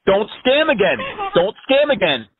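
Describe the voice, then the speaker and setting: A man's voice: high voice, very animated, normal speed, crowd noise. A man making a prank phone call, ranting in a brash, profane, rambling way over the line. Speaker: prank caller.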